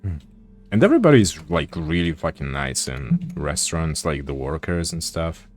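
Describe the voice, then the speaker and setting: A man's voice: a bass voice, sing-song, moderate pace, darkish tone, faint music behind. A man streaming while he draws, chatting casually and swearing offhandedly. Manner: laid-back, swears casually. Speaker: art streamer.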